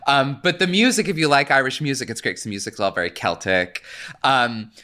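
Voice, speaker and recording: A man co-hosting a podcast in casual chat, animated and laughing often as he tells a story. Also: medium pitch, a little fast. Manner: animated, laughs often, slips into quoted voices. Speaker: podcast co-host.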